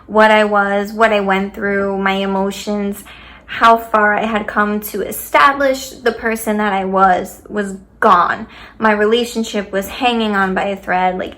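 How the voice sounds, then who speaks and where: A woman's voice: medium pitch, a bit bright. A young woman talking candidly in a casual vlog, rambling with lots of fillers and swearing freely. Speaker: vlogger.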